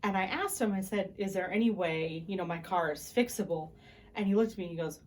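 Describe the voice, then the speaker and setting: A young woman vlogging to camera, retelling a story in a casual, animated way and acting out the people she quotes. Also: mid-range voice, fairly quick.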